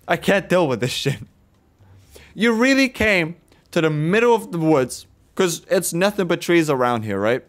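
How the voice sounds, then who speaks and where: A man's voice: on the high side, very animated, normal speed. A young man of about twenty, swearing and ranting in exasperation as he plays and comments on a horror game. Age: around 20. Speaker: gaming video creator.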